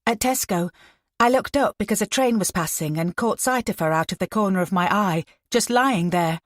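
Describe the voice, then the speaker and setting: A woman narrator voicing an anxious young woman who found a body, her teeth chattering as she talks in a rushed, raised voice. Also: medium pitch, no room sound, studio quality, close to an everyday voice. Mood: anxious, shaken.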